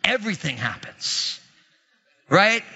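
Animated high-voiced male preacher, echoing hall. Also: slow, husky, highs cut off. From Italian heritage. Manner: animated, conversational preaching with dramatic asides. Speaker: pastor. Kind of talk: sermon.

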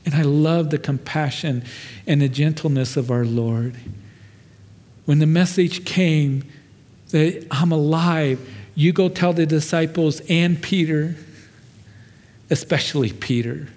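Recorded with long hall reverb, this sermon comes from a male pastor whose voice is a little high and darkish. He speaks slowly and pauses often while telling a story in a chatty, self-deprecating manner, with many fillers.

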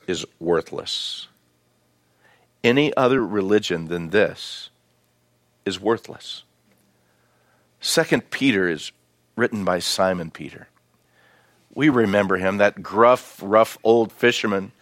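A pastor preaching a sermon, in a folksy, conversational way with asides to the congregation. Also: male voice, mid-range voice, fairly bright tone, dry recording, studio quality.

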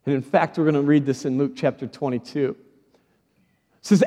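Pastor type: a high-voiced man, dramatic storyteller, preaching in a reverberant sanctuary. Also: steady tone, moderate pace, pauses often, dark tone. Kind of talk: sermon. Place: church sanctuary. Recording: large hall reverb.

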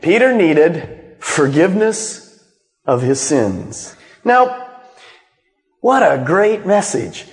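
Animated high-voiced male preacher in echoey hall. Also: takes it slowly, long pauses. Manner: dramatic storyteller, acts out quotes. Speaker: pastor. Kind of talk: sermon. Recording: long reverb of a large hall.

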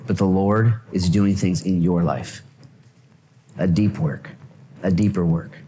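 Lively, joking male pastor preaching. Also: low voice, measured pace, a little hiss or hum. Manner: lively, joking, repeats phrases for emphasis. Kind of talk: sermon. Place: church service.

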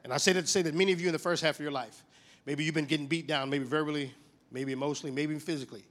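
A man of fifty preaching a sermon, telling stories with big swings in pitch and loudness. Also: racing. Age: 50s. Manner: animated storytelling with wide swings in pitch and volume.

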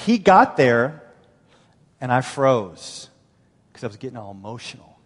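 Pastor preaching in a reverberant hall. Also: male voice, mid-range voice, a little slow. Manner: animated, storytelling, acts out quoted voices. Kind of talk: sermon. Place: large church hall. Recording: long church-hall reverb.

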